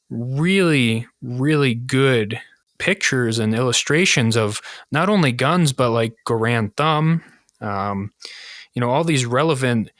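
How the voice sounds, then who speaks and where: A man in his thirties from the United States hosts a casual podcast, spinning profane and animated stories. His voice is bright and forceful, and the sound is dry and close with no room around it. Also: mid-range voice, no echo. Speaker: podcast host.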